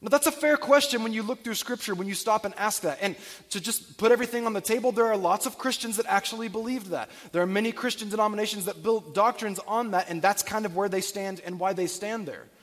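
A man with a high, light voice preaches a sermon, working through scripture and asking his listeners questions. His voice rings with a long reverb from a large church hall. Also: quick pace. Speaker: pastor. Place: church sanctuary.

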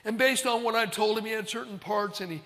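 A man's voice: high voice, fast talker, pushed and bright, big-room sound. A man preaching a sermon as a pastor, telling stories in an easygoing, conversational way in a large auditorium.

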